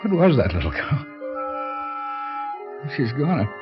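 A man's voice: medium pitch, sing-song, takes it slowly. An actor playing a lonely, frightened old male shopkeeper, stammering and pleading in an old radio drama. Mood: shaken. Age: older. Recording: dull lo-fi recording with music behind.

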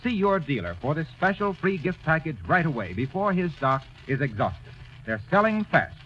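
A man's voice: on the high side, big pitch swings, moderate pace. A man announcing a persuasive 1930s radio advertisement. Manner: smooth, persuasive salesman delivery. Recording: lo-fi old radio broadcast.

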